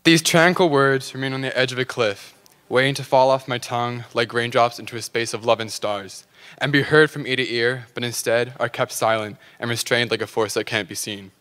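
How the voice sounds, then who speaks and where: A man's voice: medium pitch, fairly even intonation, fairly quick, fairly bright tone, smooth. A teenage boy reciting a dreamy spoken word poem with earnest delivery and small stumbles. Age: teens. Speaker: student slam poet.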